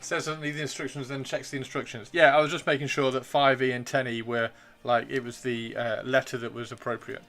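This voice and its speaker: A man live streaming as he builds miniatures, excitable and rambling, talking to himself and to chat. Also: mid-range voice, fairly quick, hardly any pauses, faint music behind.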